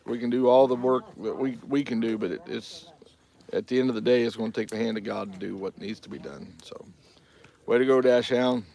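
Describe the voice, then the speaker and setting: A man's voice: mid-range voice, fairly even intonation, brisk, vocal fry, mellow. A man hosting a casual livestream, telling folksy stories and laughing often. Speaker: livestream host. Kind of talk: casual chat reading live chat.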